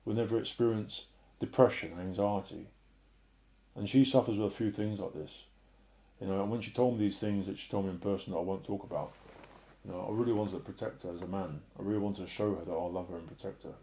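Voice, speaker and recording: A middle-aged man sharing an emotional personal testimony and preaching in an earnest way, often sinking to a soft murmur. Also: lowish voice, steady tone, fast talker. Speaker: Christian speaker.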